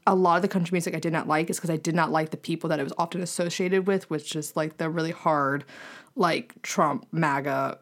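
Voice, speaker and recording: A young woman from the American South co-hosts a laid-back podcast chat, breaking into laughter often and beginning sentences again. Her voice sits low and steady, and she speaks briskly.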